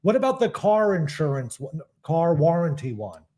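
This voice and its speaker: A man's voice: a little high, big pitch swings, moderate pace, mellow. A man with a New York accent co-hosting a live comedy podcast, chatting in a laid-back, rambling way with lots of fillers. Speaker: podcast co-host. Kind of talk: casual comedic chat.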